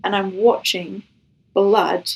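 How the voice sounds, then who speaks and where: A woman's voice: mid-range voice, fairly even intonation, slow, gravelly, slightly rough, rough recording. A woman giving a personal faith testimony as a guest, telling her story in an earnest, emotional way and acting out what was said.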